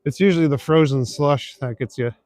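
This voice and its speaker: This young male vlogger livestreams as he strolls through the city at night, chuckling and rambling with plenty of fillers while he reads viewer comments and responds. He speaks a little fast in a slightly high, slightly mellow voice, and there's no echo.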